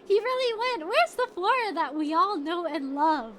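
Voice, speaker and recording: Young woman streamer, excitable, loud reactions, high voice, noisy background. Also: normal speed. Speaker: game streamer. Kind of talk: reacting to a game story.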